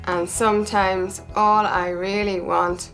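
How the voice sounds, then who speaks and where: Woman doing a moody teen girl, slow dry narration, goes shrill. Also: flat delivery, fairly bright tone, soft background music. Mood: wry. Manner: wry narration, shrill outbursts. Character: sulky sixteen-year-old Irish girl. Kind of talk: amateur film acting.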